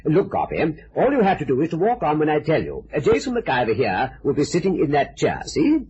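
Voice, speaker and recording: A polite, flustered theatre manager who hesitates and stammers. His voice leaps all over its range and sits a little high. The sound is dull, like a vintage radio recording. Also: wildly swooping pitch, brisk, darkish tone, a little hiss or hum. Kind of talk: 1950s radio drama acting.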